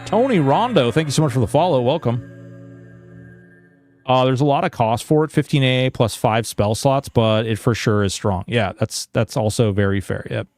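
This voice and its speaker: A man's voice: medium pitch, normal speed, darkish tone, dry recording, soft background music. A man streaming a game in casual chat, reading viewer messages aloud and talking freely with lots of fillers.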